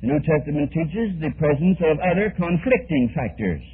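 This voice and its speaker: A man's voice: a little high, sing-song, moderate pace, a little hiss or hum. A man preaching a sermon in an earnest, emphatic way, often restarting his phrases. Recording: tinny old archival radio recording.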